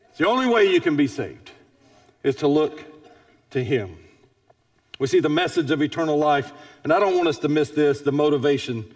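Dynamic preaching man in a reverberant hall. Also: creaky. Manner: dynamic preacher, swings between soft asides and loud high-pitched emphasis. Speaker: senior pastor. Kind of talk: sermon. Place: church sanctuary.

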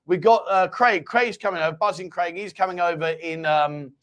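High-ish voiced guy rambling and joking on a live chat stream, small home studio. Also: moderate pace, a bit bright. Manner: jokey and rambling, reads viewer comments aloud. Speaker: host.

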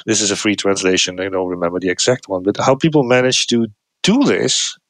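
A man's voice: on the low side, a little fast, no room sound. A middle-aged man explaining his research casually, thoughtful, often restarting phrases and acting out example replies. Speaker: guest researcher.

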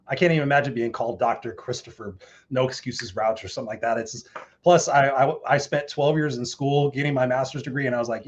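A man's voice: medium pitch, fast, dull audio. A man hosting an interview show, talking in an upbeat, rambling way full of fillers. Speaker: podcast host. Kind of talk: casual interview chat.

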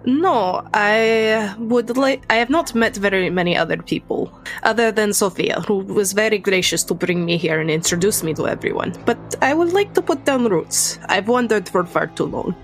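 A woman plays a formal female vampire with a thick put-on Russian accent and terse, article-dropping sentences. Her pitch sits in an ordinary middle range, and the voice comes from a tabletop game session with faint music behind it. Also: animated, normal speed, lightly acted. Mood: formal, earnest. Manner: clipped speech, drops articles. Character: guarded female vampire emigrant, clipped and formal.

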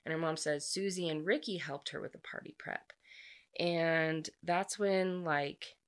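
A woman's voice: sits low, measured pace, clear, resonant tone. A woman casually recapping a book's plot, chatty and full of asides, acting out bits of the characters' dialogue. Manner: acts out dialogue in lively quoted bits. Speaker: book reviewer.

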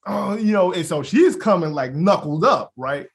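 High-voiced, lively young male podcast co-host, storyteller who acts out quotes. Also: normal speed, creaky. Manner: animated storyteller, acts out quotes, laughs, swears freely. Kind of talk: casual podcast chat, storytelling.

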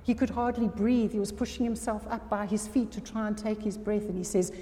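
A woman's voice: mid-range voice, steady tone, brisk, warm tone. A woman preaching an earnest sermon to a congregation, often checking that her listeners are still with her. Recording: long reverb of a hall.

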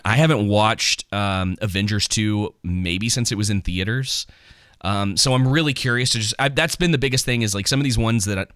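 A man's voice: on the low side, fairly bright tone, clear, resonant tone, no room sound, studio quality. A man co-hosting a podcast, chatting casually about movies in a rambling, joking way with lots of ums and restarts. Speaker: podcast co-host.

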